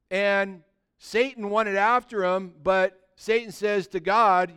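A pastor with a high, smooth, resonant voice and lively intonation preaches a sermon with passion, hammering points home loudly. He then drops to a low, slow, drawn-out hush for emphasis, occasionally slipping into the voices of people he quotes.

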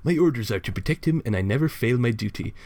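A man reading a stern male bodyguard from a comic, delivering cold, measured threats. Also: mid-range voice, animated, darkish tone, dry recording, close to an everyday voice. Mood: menacing. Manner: measured, menacing warnings. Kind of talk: reading comic dialogue aloud.

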